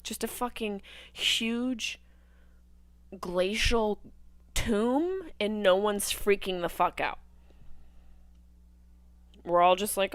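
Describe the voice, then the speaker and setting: A woman hosting a live movie watch-along, riffing with crude jokes and swinging between loud outbursts and hushed asides. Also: medium pitch, a little slow, pauses often, clean tone, no echo. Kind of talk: casual riffing commentary over a film.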